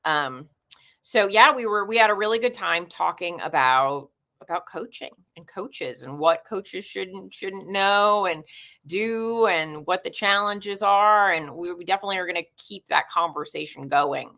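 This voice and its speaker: A woman's voice: fairly low pitch, measured pace, vocal fry, bright, forceful tone. A woman in her forties hosting a casual livestream, chatting and reading viewer comments aloud. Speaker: livestream host.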